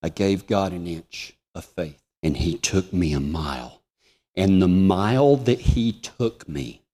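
A man's voice: deep voice, animated, unhurried. Emotional man preaching a testimony. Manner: emotional storytelling, swings from hushed to soaring. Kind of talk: sermon testimony.

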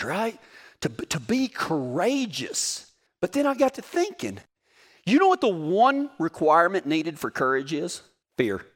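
A man in his forties preaches a storytelling sermon, folksy and full of jokes. His voice sits high and swings widely up and down, with a bright, forceful edge. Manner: folksy, joking, animated storytelling.

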